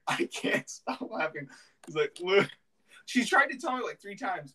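A man's voice: a little high, bright, forceful tone, far from the mic, low-quality recording. A young man hosting a podcast, telling a story in casual chat and laughing often. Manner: giggly storytelling, frequent laughter. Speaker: podcast host.

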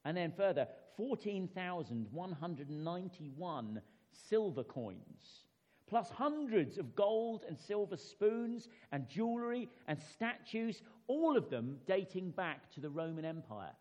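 A man's voice: high-pitched, very animated, takes it slowly, darkish tone. A man preaching a sermon in a conversational way, often tossing rhetorical questions to his congregation. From England. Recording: reverberant hall, slightly dull sound.

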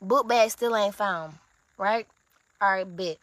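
A young woman telling a heated story in a rant, swearing often and breaking into loud outbursts. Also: mid-range voice, slow pace, dry recording.

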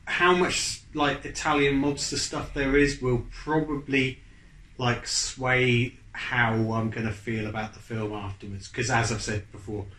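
A man chatting casually on a podcast, his thoughts coming out halting and rambling, full of restarts and fillers. His voice sits at an ordinary middle pitch. The room around him rings with noticeable echo. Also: fairly even intonation, sharp tone. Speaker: podcast co-host. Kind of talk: casual chat. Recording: echoey room.

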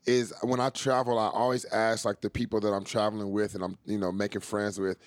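A man's voice: fairly low pitch, level tone, fairly quick, no echo. A Californian man with an American accent chatting casually about travel, loose and profane, laughing often. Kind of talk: casual chat.

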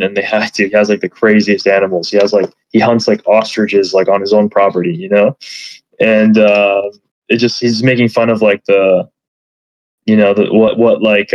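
Podcast guest, male, low voice, loose rambling chat full of fillers, dry lo-fi audio. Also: no room sound. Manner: rambling, lots of fillers and swearing. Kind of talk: casual chat.

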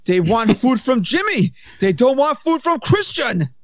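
A man doing a squeaky, short-fused Egyptian pizza boss. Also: sing-song, no room sound, exaggerated voice. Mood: angry. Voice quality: high, drawn-out, incredulous. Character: hot-tempered middle-aged Egyptian pizzeria owner. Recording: slightly dull sound.

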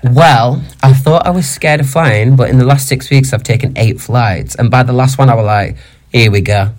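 A man in casual podcast chat, voicing outrage with lots of swearing. His pitch sits in the middle of the usual range for men, and he hurries through his complaints with real heat. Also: moderate pace. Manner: indignant, animated and sweary. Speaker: podcast co-host.

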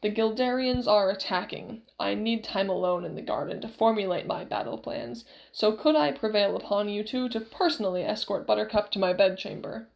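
A woman's voice: medium pitch, moderate pace, creaky, hardly any pauses, a little mellow, lightly acted, rough recording. A woman reading aloud, voicing a scheming prince who speaks formally and elaborately. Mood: smooth scheming. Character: scheming royal prince, smooth and self-important.

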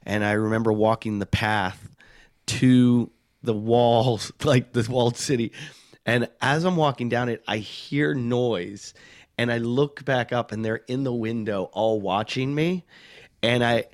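Animated storytelling man, acting out quotes. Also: mid-range voice, unhurried, dry recording, clean studio sound. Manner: animated, acts out quotes, laughs often. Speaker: comedian guest. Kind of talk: casual podcast storytelling.

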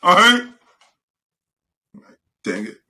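Animated, bright-voiced man on a podcast. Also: high voice, very slow. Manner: animated, playful complaining. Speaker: podcast co-host. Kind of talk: casual chat.

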